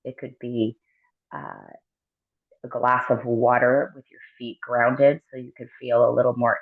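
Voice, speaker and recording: Woman, mindfulness coach, interview guest, gentle, filler-heavy, tinny phone sound. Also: extremely low pitch, normal speed, gravelly. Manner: gentle, with frequent ums and tag questions. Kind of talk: explanatory interview talk.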